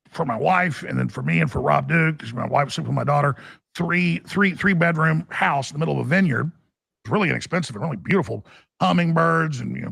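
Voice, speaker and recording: Raspy male talk-radio host, slightly high, dry studio sound. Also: fairly bright tone, no echo. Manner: rambling, restarts, urgent. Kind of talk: animated talk-radio storytelling.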